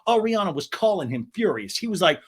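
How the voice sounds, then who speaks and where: Brief: man voicing a young woman spilling gossip, emphatic, raised pitch. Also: big pitch swings, a little fast, breathy edge, full character voice. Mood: indignant.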